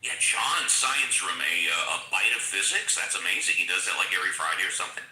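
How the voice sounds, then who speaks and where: A man hosts a casual live talk show, brisk and joking with his callers. His low voice carries a bright, forceful edge. The sound has an echoey, roomy quality. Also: animated. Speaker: host.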